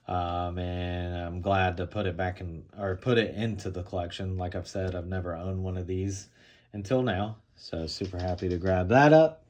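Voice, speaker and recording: A man with a somewhat low voice talks through a pile of comic books in a casual show-and-tell vlog. He rambles easily, often pausing on "um" and "all right" as he goes. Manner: relaxed, rambling, with frequent fillers and "all right". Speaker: comic book collector showing his haul.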